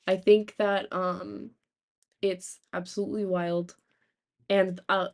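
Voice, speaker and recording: A young woman from the United States, a streamer telling rambling, animated stories in casual chat, swearing freely. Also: mid-range voice, measured pace.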